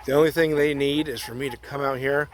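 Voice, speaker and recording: Casting: easygoing male grower, mid-pitched, chatty walk-and-talk by his trees, clucking hens and a crowing rooster clearly heard behind him. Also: quick pace. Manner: relaxed and chatty, often munching berries while talking. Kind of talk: casual garden vlog. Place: outdoors among fruit trees on his property. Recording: outdoor noise with chickens and a rooster.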